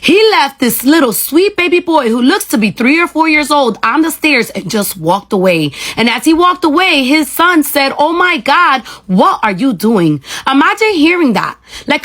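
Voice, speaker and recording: A high-pitched woman delivering an emphatic, indignant commentary. She is a parent, and she scolds with sharp Spanish insults mixed into her English. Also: lively intonation, moderate pace, hardly any pauses. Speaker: parent reacting to a video. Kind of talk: commentary video.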